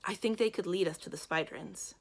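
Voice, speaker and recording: A woman reading the part of a nervous, earnest young girl training as a page, in a low, gravelly voice. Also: brisk. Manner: nervous, quiet.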